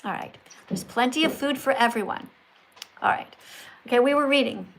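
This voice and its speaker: Bossy high-voiced woman lecturing. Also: moderate pace, a bit bright, rough recording. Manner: bossy, corrects and lectures like a teacher. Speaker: livestream host. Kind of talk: livestream chat.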